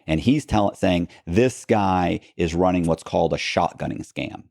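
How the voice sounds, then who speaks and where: A man recounting his past as a podcast guest, telling it with lots of quoted back-and-forth and quick restarts. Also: low voice, vocal fry, no echo. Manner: animated retelling with quoted dialogue and frequent restarts. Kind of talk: storytelling in a long-form interview.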